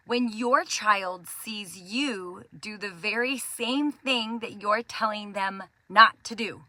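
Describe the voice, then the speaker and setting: A woman in her thirties gives an earnest devotional talk to other mothers, gentle and encouraging in tone. Her voice is bright with some edge to it, recorded close and dry. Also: on the high side, no echo. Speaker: Christian parenting host.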